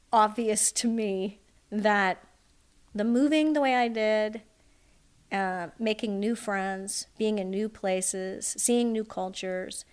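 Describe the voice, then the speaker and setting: A woman author being interviewed, telling childhood anecdotes in a lively, amused way. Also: medium pitch. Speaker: author guest. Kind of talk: interview storytelling.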